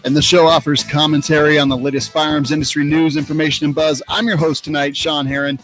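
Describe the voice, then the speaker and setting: A man's voice: a little high, little pitch movement, a bit bright, faint music behind. A man hosting a casual news commentary podcast, talking loosely with fillers. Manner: quick, loose delivery with fillers. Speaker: host.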